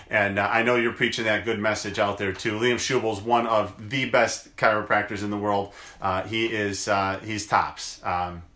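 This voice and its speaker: A man talks through a casual video update, drifting from family stories to side thoughts with plenty of "uh"s and restarts. His voice has a bright, forward edge, and the room around him rings noticeably. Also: mid-range voice, roomy sound. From United States. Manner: rambling storyteller, many fillers. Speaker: chiropractor.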